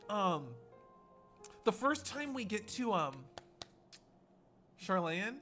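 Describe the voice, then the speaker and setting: An excitable young man streams a game, his high voice swooping up and down as he laughs and gushes. His commentary is casual and chatty. Faint game music plays underneath. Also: takes it slowly. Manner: excitable, laughs often, gushing about cutscenes.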